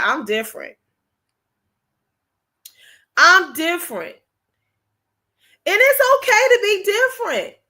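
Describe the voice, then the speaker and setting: Speaking straight to her livestream audience, a woman gives a casual motivational talk in a high, pushed, bright voice. She's emphatic and repeats herself to drive points home, frequently checking "you understand what I'm saying?" in an informal, conversational manner.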